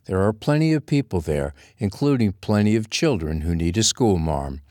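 A man's voice: low-pitched, big pitch swings, normal speed, warm tone, no room sound, clean studio sound. A man doing a rugged cowboy with a lazy drawl. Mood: amused, easy.

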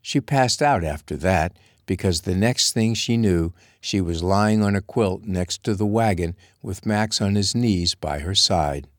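Deep-voiced man narrating a novel. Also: a little slow, few pauses, no room sound, clean studio sound. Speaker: audiobook narrator. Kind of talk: scripted narration.

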